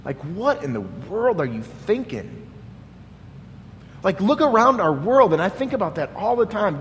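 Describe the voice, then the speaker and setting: A pastor preaching a sermon in an earnest, questioning way, often restarting with "like". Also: male voice, sits high, sing-song, measured pace, in a large hall, slight background noise.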